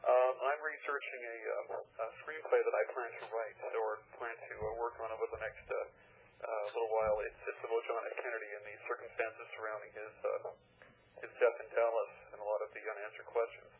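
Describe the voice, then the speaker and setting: A man's voice: on the low side, fairly even intonation, fairly quick, slightly rough. Hesitant male caller on a phone line. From Canada. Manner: hesitant, rambling, many fillers. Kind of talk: phoning in to a radio show. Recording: tinny telephone line on radio.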